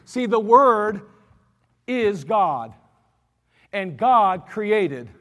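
A man preaching an emphatic sermon, slowing down and repeating lines for stress. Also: sits high, sing-song, fairly bright tone, big-room sound. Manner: emphatic, repetitive, slows for stress.

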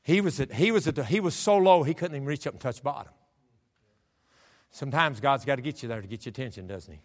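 Speaking quickly at a medium pitch, a male pastor preaches fervently in a church sanctuary and urges the congregation to answer back. The sanctuary gives the recording an echoey sound.

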